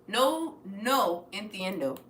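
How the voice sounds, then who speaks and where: A young American woman hosting a casual livestream, animated and profane, swinging between mutters and loud bursts. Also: mid-range voice, slow pace, echoey room. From United States. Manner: profane, playful. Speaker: livestream host.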